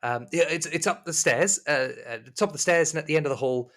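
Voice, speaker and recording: A man voicing an unblinking, eerie housemaid who speaks softly and politely. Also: a little high, fast talker, pitched above the performer's own voice, lightly acted. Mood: helpful.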